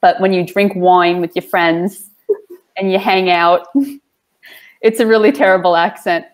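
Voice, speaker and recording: An American woman from Long Island, a sommelier, answering interview questions in an unhurried, clearly articulated way with frequent light laughs. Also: on the low side, fairly even intonation. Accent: neutral American, regional accent deliberately lost. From Long Island, New York. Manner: slow, deliberately clear speech with frequent laughs. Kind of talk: casual interview.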